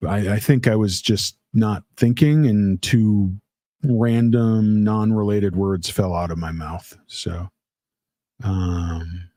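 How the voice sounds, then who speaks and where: A man's voice: on the low side, steady tone, slow, warm tone, dry recording. A man hosting a casual livestream, reading out chat comments in a rambling, playful way with lots of fillers. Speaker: livestream host.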